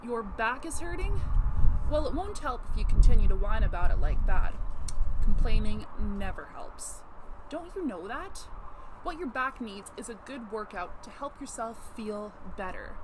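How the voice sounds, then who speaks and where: A woman voicing a pushy, demanding neighbor in an acted role-play, scolding loudly and ordering him around. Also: mid-range voice, animated, moderate pace, background noise, close to an everyday voice. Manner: loud, scolding, domineering.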